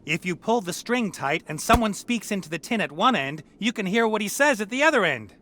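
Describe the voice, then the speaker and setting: A man's voice: high-pitched, big pitch swings, a little fast, pushed and bright, slight background noise, exaggerated voice. A man voicing a sly young adventurer posing as a hatter in a video game, teasing and mock-gallant. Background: game music.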